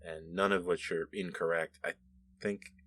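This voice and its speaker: A man's voice: sits low, little pitch movement, moderate pace, bright, forceful tone, a little hiss or hum. A man hosting a show, casually reading and answering viewer comments in a rambling, self-correcting way with frequent laughs.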